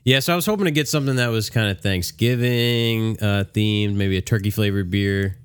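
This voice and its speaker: Low-voiced laid-back man, dry sound. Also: a little fast, clean tone, no echo. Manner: laid-back, rambling with restarts, laughs often. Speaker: podcast co-host. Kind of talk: casual chat. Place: woodworking shop studio.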